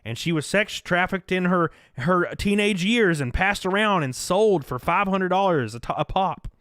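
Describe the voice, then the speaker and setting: A young man with a Southern US accent talks loosely and profanely on a live stream, reacting to chat and donations. His pitch leaps around with animated energy. The sound is dry and close to the mic. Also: moderate pace, no echo. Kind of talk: casual live-stream commentary.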